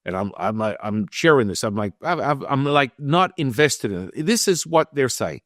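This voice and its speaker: A man guest on an interview show, telling a personal story in a casual, animated way and acting out the people in it. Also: mid-range voice, normal speed, no room sound, clean studio sound. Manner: animated, acts out quoted dialogue. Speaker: guest, Taoist teacher.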